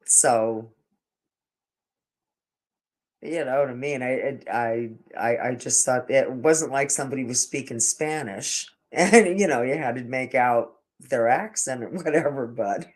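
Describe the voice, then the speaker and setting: A man's voice: mid-range voice, unhurried. An older man telling a casual, meandering story to his camera, often restarting his sentences and stammering over repeated words. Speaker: vlogger.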